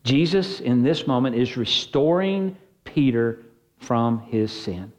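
A man's voice: medium pitch, animated, slow. A man preaching a sermon as pastor, earnest and conversational, shifting his emphasis as he speaks.

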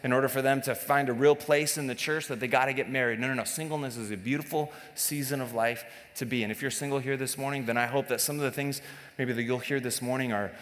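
Joking pastor in a reverberant hall. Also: male voice, medium pitch, steady tone, quick pace, fairly bright tone. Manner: conversational and joking, with filler restarts. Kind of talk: sermon. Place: church service.

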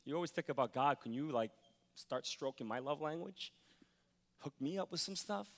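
Male pastor, middle-aged, bright forceful delivery, sermon in a big echoing hall. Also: on the high side, normal speed. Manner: animated, swings from quiet to loud and excited. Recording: long reverb of a large hall.

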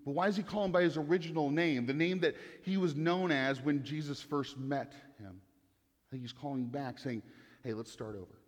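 A man preaches in an earnest, measured way and keeps repeating phrases for emphasis. His voice sits a little high for a man. A long reverb from a large hall trails behind every word. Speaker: pastor. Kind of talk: sermon.

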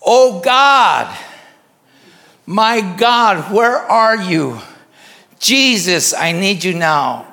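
A furious, desperate injured man in his forties hollers in a high, strained, gravelly voice, as a preacher acts him out. He sounds worn out and fed up. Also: animated, extremely slow, pauses often, heavily acted. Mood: pleading. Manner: yelling, pleading. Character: angry injured middle-aged man, desperate.

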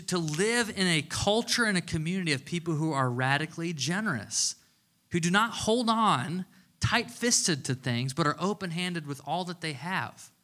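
Bright-voiced man preaching conversationally. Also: a little high. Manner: casual, chatty storytelling with playful humor. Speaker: pastor. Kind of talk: conversational sermon.

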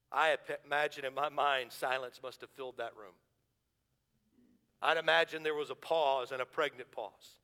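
A man's voice: a little high, normal speed, sharp tone, big-room sound. A man preaching a sermon, earnest and rhetorical, stacking questions and building to emphatic declarations.

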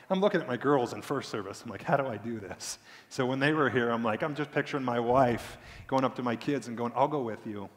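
A man preaching a sermon as a pastor, swinging between loud emphatic points and hushed, emotional storytelling. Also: mid-range voice. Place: church sanctuary. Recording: long hall reverb.

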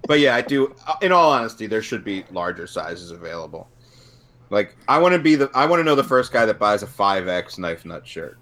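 A man's voice: lowish voice, very animated, fairly quick, fairly bright tone, a little hiss or hum. A man hosting a podcast in an easygoing manner, thanking listeners and laughing along with his guests. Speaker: podcast host. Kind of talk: casual chat.

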